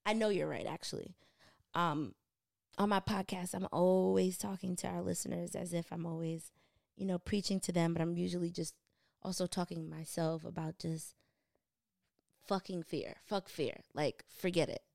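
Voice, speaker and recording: A playful woman guest on a casual podcast, chatting with easy laughs and self-deprecating humor. She comes from New Jersey. Her voice has a gravelly, fry-laden edge, recorded close and dry with no room sound. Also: on the low side, fairly even intonation, moderate pace, darkish tone, no room sound.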